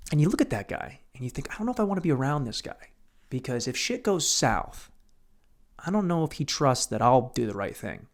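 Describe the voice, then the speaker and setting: A young man hosting a solo podcast, telling rambling, profane stories and breaking into sudden loud outbursts. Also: mid-range voice, sing-song, a little fast. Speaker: podcast host.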